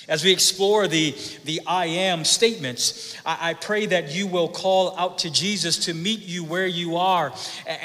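Pastor guy preaching slow, bright clear voice, sorta high, lots of uh and repeated words, big echoey hall. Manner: emphatic, with repeated words and filler uh. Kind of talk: sermon.

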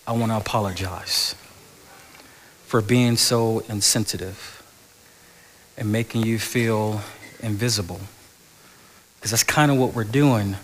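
A middle-aged male pastor preaching a sermon, moving between loud animated stretches and soft, hushed passages, in a church sanctuary. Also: fairly low pitch, measured pace, long pauses. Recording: large hall with long reverb.

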